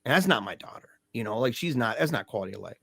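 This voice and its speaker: A man's voice: medium pitch, expressive, very fast, creaky, pushed and bright, breathy edge, dry recording, clean studio sound. A man telling a painful family story in casual talk as a podcast guest, emphatic and peppered with dude and man. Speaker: podcast guest, grieving father. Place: lives in Michigan.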